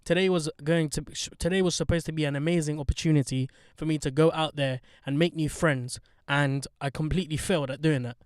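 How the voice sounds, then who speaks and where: A podcast co-host chats casually from a parked car, joking around, using slang and hyping things up. His fairly high, steady voice moves briskly with few pauses, picked up on a handheld mic with clean studio sound and no echo.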